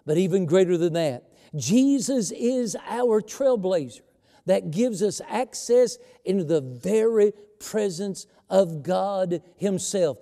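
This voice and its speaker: High-voiced preacher in a reverberant church. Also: male voice, warm tone. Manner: preaches with slow emphatic phrasing and scripture reading. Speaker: pastor. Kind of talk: sermon. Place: church sanctuary.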